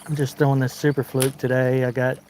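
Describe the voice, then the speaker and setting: A man's voice: medium pitch, flat delivery, a little fast, a little mellow, a little hiss or hum. Southern American male fishing host, easygoing and talkative, live outdoors with a faint river wash behind him. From Arkansas, United States. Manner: chatty, reads out viewer comments while fishing. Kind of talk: casual live-stream chat. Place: outdoors wading in a river under a bridge.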